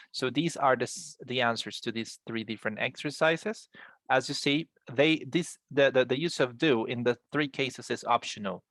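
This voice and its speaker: A man's voice: medium pitch, a bit bright, no echo. Man, English teacher, encouraging, repeats words, video call, dry. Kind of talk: online class teaching.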